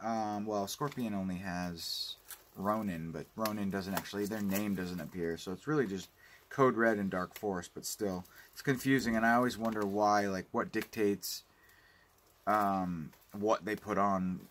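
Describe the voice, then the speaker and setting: A man's voice: on the low side, steady tone, a little slow, fairly bright tone, a little hiss or hum. A man giving a casual unboxing review of home video releases, rambling and ranting with plenty of swearing. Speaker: home video collector vlogger.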